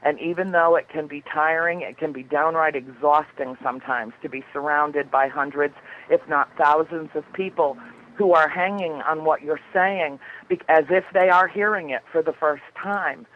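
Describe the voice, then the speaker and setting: A woman's voice: low-pitched, normal speed. Effusive woman over dull lo-fi audio. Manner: effusive, storytelling, laughs often. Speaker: guest author. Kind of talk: casual chat.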